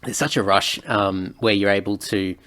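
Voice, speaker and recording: A man hosting a podcast interview, reading from notes in a relaxed way with many ums. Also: fairly low pitch, moderate pace. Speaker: podcast host.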